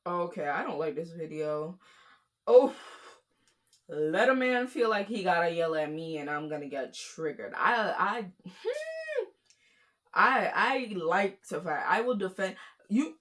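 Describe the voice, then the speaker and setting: Young woman, from Florida, casual reaction commentary, chatty, lower-pitched voice. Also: a little slow. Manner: chatty, animated, lots of fillers. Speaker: commentary YouTuber.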